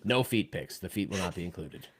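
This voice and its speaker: A man from Cleveland co-hosting a podcast, telling a long story in a lively way that swings between loud outbursts and quiet asides. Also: deep voice, brisk, slight background noise. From Cleveland, Ohio. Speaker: podcast co-host. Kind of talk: casual chat, telling a story.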